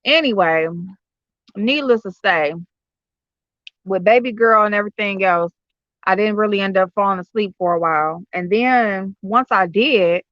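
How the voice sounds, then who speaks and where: A woman hosts a casual livestream from home, chatting with viewers and telling loose stories full of fillers and cursing. Her voice is medium-pitched and fairly bright at a normal speed. The audio is dry and slightly dull lo-fi, captured through streaming software on a computer or phone.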